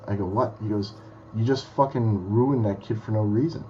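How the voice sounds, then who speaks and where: A man's voice: lowish voice, steady tone, brisk, warm tone, lo-fi sound, slight background noise. Blunt, foul-mouthed man telling stories. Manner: blunt, swears freely. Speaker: guest magician. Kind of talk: casual podcast chat.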